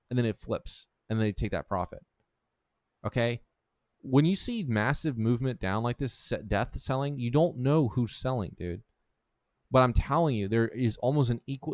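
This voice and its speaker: A man's voice: medium pitch, a little mellow, no room sound. A young man teaching trading over a screen share, blunt and profane, calling the listener "dude", often restarting sentences. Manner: blunt, profane, keeps saying "dude" and "right?"; restarts and repeats words often. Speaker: trading instructor. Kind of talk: casual screen-share tutorial.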